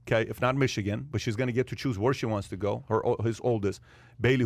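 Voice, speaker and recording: A man hosting a casual chat show, telling stories quickly and with animation. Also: medium pitch, no room sound. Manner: fast, animated storytelling. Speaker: podcast host.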